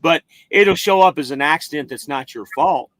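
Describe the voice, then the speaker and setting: An American man hosting a trucking live stream. His voice sits a bit high, and he talks in a loose, rambling way with the odd swear. The sound is dry and close. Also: moderate pace, a bit bright, no room sound. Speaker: trucking livestream host. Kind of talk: casual live-stream chat reading viewer comments.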